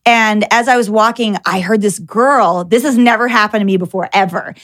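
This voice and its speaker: A young adult woman hosting a podcast, telling anecdotes in an animated, filler-heavy casual chat. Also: mid-range voice, moderate pace. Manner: animated storyteller with many "like" fillers. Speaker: podcast host.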